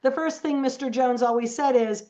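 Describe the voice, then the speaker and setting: Animated storytelling woman, lo-fi sound. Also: high-pitched, normal speed. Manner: animated, acts out quoted voices. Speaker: podcast guest. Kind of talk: casual storytelling.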